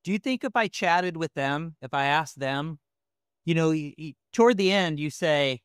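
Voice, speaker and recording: A male podcast host who asks halting, thoughtful questions. His voice is a touch high, smooth and clear, with a dry, close recording. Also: no echo. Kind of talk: interview questions.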